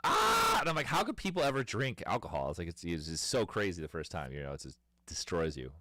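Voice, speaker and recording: A man's voice: low-pitched, sing-song, fast talker, bright, forceful tone. A man in his thirties chatting casually on a livestream, telling rambling stories and laughing often. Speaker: streamer.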